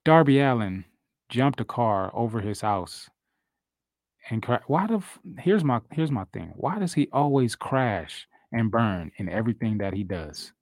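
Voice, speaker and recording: A man's voice: medium pitch, expressive, a little slow, darkish tone, dry recording. A man co-hosting a wrestling podcast, talking loosely and profanely with frequent laughs. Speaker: podcast co-host. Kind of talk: casual wrestling talk.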